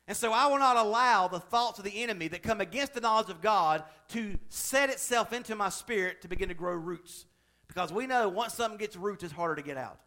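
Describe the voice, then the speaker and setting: A man's voice: a little high, sharp tone. A male pastor delivering a sermon, moving from chatty, joking asides to fervent, emphatic preaching.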